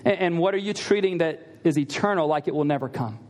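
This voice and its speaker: A man's voice: fairly high pitch, quick pace, darkish tone, a little hiss or hum. A man preaching a sermon in a conversational way, asking the listeners rhetorical questions and repeating key lines for emphasis. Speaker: pastor.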